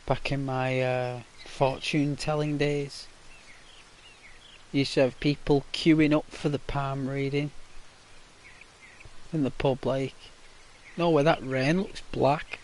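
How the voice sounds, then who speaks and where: A man's voice: medium pitch, flat delivery, takes it slowly, pauses often, a little mellow. A man with a Liverpool accent, a YouTuber chatting casually and rambling to viewers while he plays a game. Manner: rambling, chatty, keeps tagging on "right?" and "you know". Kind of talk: casual gaming livestream chat.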